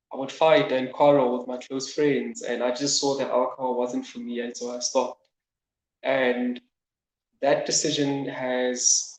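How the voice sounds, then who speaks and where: A man with a South African accent speaking in a measured way as a co-host guest, often repeating words while thinking. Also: medium pitch, a little mellow. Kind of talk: reflective personal talk. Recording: roomy call audio with faint noise.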